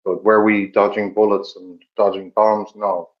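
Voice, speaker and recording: Low, flat Irish man recalling the past. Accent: Irish, Dublin. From Ireland. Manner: measured, with many pauses and ums. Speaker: podcast co-host. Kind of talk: reflective storytelling chat. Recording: dull lo-fi recording.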